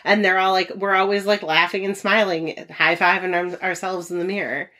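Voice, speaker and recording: A woman's voice: lowish voice, flat delivery, normal speed, sharp tone. Chatty laughing podcast woman. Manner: chatty, laughs often, acts out quotes. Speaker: podcast co-host. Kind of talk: casual podcast chat.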